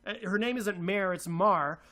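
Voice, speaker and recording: A man co-hosting a talk show delivers an angry radio rant in a heated, sharp voice that sits high, moving at normal speed. He keeps repeating himself and hurling insults.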